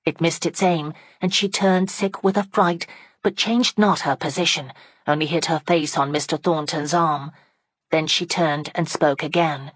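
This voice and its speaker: Low-voiced woman narrating a classic novel. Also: a little slow, no room sound. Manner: steady, dramatic storytelling. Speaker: audiobook narrator. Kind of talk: scripted narration.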